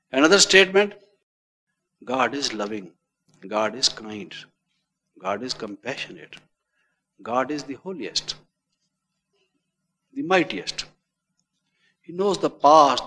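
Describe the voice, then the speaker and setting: A man giving a measured, repetitive meditation lecture as a spiritual teacher, often adding "you see". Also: medium pitch, fairly bright tone, in a large hall.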